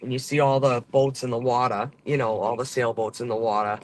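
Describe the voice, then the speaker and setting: A man's voice: medium pitch, little pitch movement, a little fast, slight background noise. A man from Boston talks to his viewers while driving around the city. His talk is loose and rambling, packed with fillers and swearing. The sound is from inside a car. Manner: rambling, profane, full of fillers. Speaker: channel host. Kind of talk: casual driving vlog chat.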